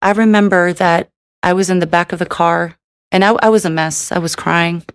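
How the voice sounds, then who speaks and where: A woman's voice: lowish voice, fairly even intonation, normal speed, clear, resonant tone, no echo, studio quality. A woman giving a personal faith testimony, speaking in a candid, earnest way and often adding "you know".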